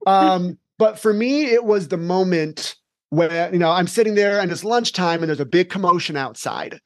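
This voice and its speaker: Give me an energetic man with a fairly high voice, a teen coach telling animated stories in a podcast interview, recorded dry and close. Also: normal speed, no room sound. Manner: animated, energetic storyteller who acts out scenes. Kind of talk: casual interview storytelling.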